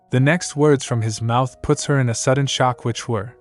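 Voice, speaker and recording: A man narrating a comic story recap in a plain, steady, slightly stilted reading. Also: mid-range voice, measured pace, hardly any pauses. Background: faint music.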